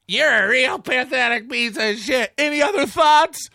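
A man hosting a comedy podcast, ranting in a mocking, profane way and often breaking into shouts. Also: extremely high pitch, a little slow, vocal fry, no room sound, clean studio sound. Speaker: podcast host.

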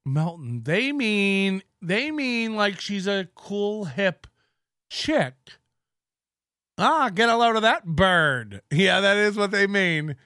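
A man's voice: sits high, lively intonation, slow pace, sharp tone, no room sound, studio quality. A male host giving crude, sarcastic commentary on stream clips and mimicking the people in them.

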